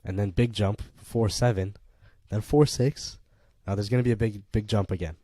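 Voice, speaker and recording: A young man co-hosts a casual chat podcast, swearing freely and jumping into excited bursts. His voice is low and dark. The sound is dry and close. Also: normal speed, no echo. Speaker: podcast co-host.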